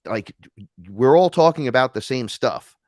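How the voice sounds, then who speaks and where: A man's voice: mid-range voice, animated, a little slow, darkish tone, no echo, studio quality. A man from New York telling a spiritual encounter story in casual talk, acting out the voices he quotes and swearing freely. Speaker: podcast guest.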